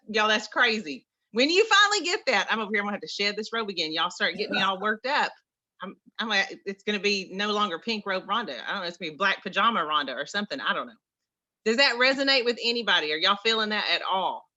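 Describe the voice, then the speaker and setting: A woman with an East Texas drawl talks on a video call with a bright, forceful tone. She is folksy and keyed up and repeats her points for emphasis, like a motivational pep talk. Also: medium pitch, lively intonation, fast. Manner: folksy, enthusiastic, repetitive. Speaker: participant sharing on a group call.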